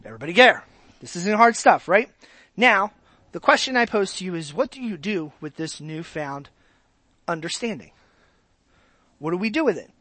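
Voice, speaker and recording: A man's voice: high voice, animated, normal speed, pauses often, sharp tone, no echo. A man preaching a sermon as pastor, talking to the congregation conversationally, asking rhetorical questions and repeating his words.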